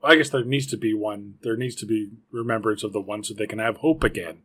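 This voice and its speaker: A man's voice: on the low side, brisk, fairly bright tone, husky. A man with a Canadian accent hosting a movie podcast, chatting casually and joking, acting out little scenes and laughing often. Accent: Canadian English. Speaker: podcast host. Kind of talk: casual chat about a movie.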